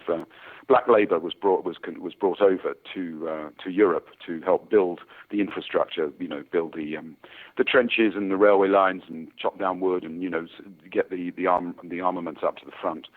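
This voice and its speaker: A man in his sixties, an actor talking about his work in a casual interview, rambling with many fillers and restarts. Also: low voice. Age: 60s. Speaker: actor guest. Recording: tinny phone-like sound.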